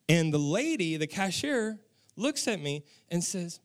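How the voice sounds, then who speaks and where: A young adult man preaching a sermon as pastor, telling a story with animated delivery and acting out his own lines. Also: fairly high pitch, moderate pace.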